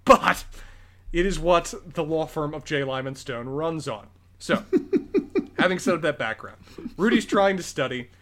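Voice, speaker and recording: A man co-hosting a casual film-review podcast, explaining the story in thorough detail. His voice sits a little high, and he speeds through stretches in quick bursts before settling again. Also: lively intonation, a bit bright. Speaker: podcast co-host. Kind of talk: casual movie review chat.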